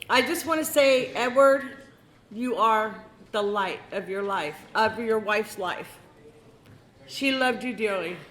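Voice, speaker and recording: An older woman giving a heartfelt eulogy at a memorial gathering, reminiscing slowly and breaking into laughs. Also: medium pitch, fairly bright tone, a little hiss or hum. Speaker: eulogy speaker. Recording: echoey hall with faint ambience.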